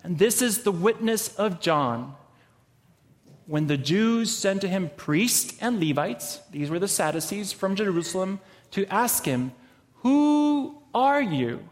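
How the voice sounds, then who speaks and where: A man with a high voice preaches slowly and with emphasis, reading scripture between his own remarks. His voice rings with a long echo, as in a large hall. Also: expressive. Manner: slow, emphatic preaching with swings in loudness.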